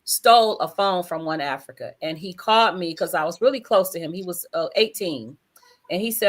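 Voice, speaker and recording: A woman, telling a story in casual chat with lively emphasis, acting out the voices she quotes. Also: on the low side, brisk. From United States.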